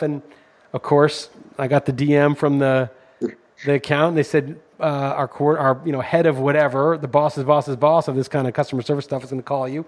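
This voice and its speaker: With a mid-range, slightly mellow voice, a middle-aged podcast host rants through a story in casual conversation. He's indignant, and his intensity rises as the rant goes on.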